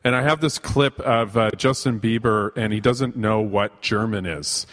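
A man's voice: lowish voice, normal speed, a bit bright. Sardonic man in a reverberant room. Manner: opinionated, sardonic. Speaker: podcast co-host. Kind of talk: casual chat.

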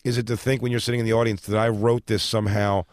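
A man, a stand-up comedian, telling crowd stories in casual chat, profane and animated, often laughing. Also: on the low side, fast, no room sound, clean studio sound.

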